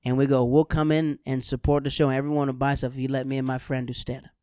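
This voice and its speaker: A man from Florida hosting a podcast, telling lively anecdotes in casual chat and acting out the people in them. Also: medium pitch, quick pace, smooth, dry recording, studio quality. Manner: animated anecdotes with lively voiced quotes. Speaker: podcast host.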